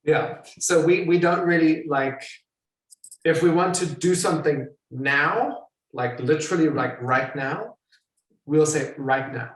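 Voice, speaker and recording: A man hosting an interview in a relaxed way, answering with short affirmations. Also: fairly high pitch, unhurried. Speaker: host, interviewer. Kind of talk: casual interview. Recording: roomy echoey sound.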